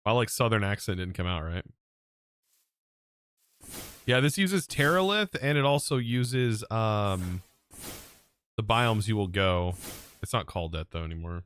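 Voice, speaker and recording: A man's voice: on the low side, lively intonation, a little slow, long pauses, fairly bright tone, smooth. A man streaming a modded block-building game, chatting casually with his viewers and muttering to himself as he plays. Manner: chatty, talks to chat while playing, muttering lists to himself. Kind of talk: casual live-stream chat.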